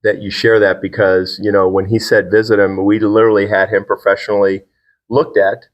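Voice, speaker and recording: With a lowish voice that barely moves in pitch, this middle-aged man talks fairly quickly as he co-hosts a podcast alongside his son. He's a father whose casual conversation comes across as earnest, encouraging, and thoughtful. The recording is muffled.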